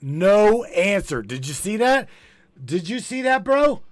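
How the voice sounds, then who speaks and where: A man hosting a live call-in show, playful and teasing, with drawn-out exclamations. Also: high-pitched, big pitch swings, dry recording, studio quality.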